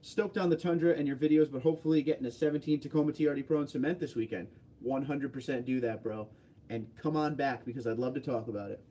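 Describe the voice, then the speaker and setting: A man's voice: medium pitch, quick pace, warm tone. A man hosting a casual livestream, reading viewer comments aloud and answering them offhandedly. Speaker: livestream host.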